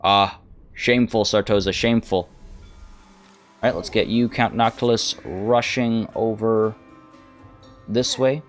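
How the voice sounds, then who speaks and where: A man's voice: fairly low pitch, steady tone, unhurried, long pauses, faint music behind. A man narrating his own strategy game, thinking aloud in a hesitant, musing way. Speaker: let's play host. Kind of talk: gameplay commentary.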